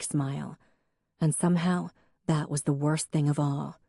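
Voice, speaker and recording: Low, mellow woman narrating an audiobook. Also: fairly even intonation, unhurried, creaky, no echo, studio quality. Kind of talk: scripted narration.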